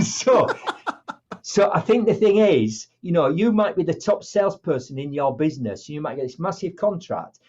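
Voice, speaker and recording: Middle-aged man, motivational speaker type, animated raconteur with a husky tone, muffled recording. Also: medium pitch. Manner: animated, acts out dialogue in different voices. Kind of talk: conversational storytelling.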